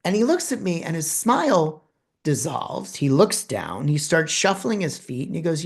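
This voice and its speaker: A man presenting a talk, telling a personal story with dramatic pauses and acted-out dialogue. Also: a little high, sing-song, gravelly.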